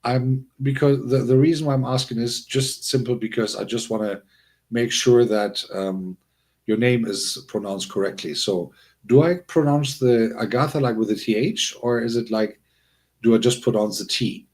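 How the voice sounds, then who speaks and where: A man hosts a casual livestream and talks straight to his chat. He rambles, restarts his sentences and breaks into chuckles. His voice sits at a middling pitch and jumps high when something excites him. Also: normal speed. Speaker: livestream host.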